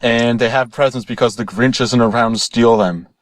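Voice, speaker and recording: A young man tells a silly parody story in a rambling, deadpan way. His voice sits at a middle pitch for a man. The recording is dry and close, with no room sound. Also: moderate pace, no room sound.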